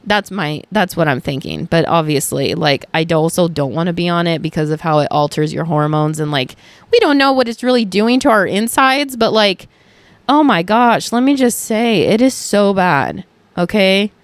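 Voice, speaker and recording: A young woman hosting her own podcast, talking frankly in a casual solo chat, animated, swearing and full of fillers. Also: fairly low pitch, normal speed, dry recording. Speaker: podcast host.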